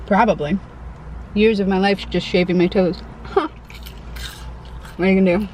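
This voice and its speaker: A woman's voice: mid-range voice, fairly even intonation, moderate pace, darkish tone, slight background noise, poor audio. A young woman with a Connecticut accent, chatting casually and self-deprecatingly as she eats in a parked car for her eating vlog. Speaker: mukbang vlogger.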